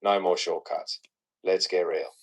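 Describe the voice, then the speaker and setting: A man's voice: low voice, fairly even intonation, measured pace, husky. A synthetic man's voice with an Australian accent, giving firm, preachy advice. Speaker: AI voice assistant.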